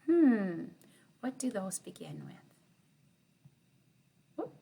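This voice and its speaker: Slow sing-song kindergarten teacher woman. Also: medium pitch, sing-song, vocal fry, dark tone, breathy edge. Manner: cheerful, slow and sing-song, sounding out letters. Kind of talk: online morning lesson for young children.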